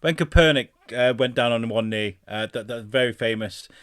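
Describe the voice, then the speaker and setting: A man's voice: medium pitch, moderate pace, fairly bright tone, clean tone, dry recording. A man from outside the United States co-hosting a podcast, in casual chat with playful, laughing asides. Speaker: podcast co-host.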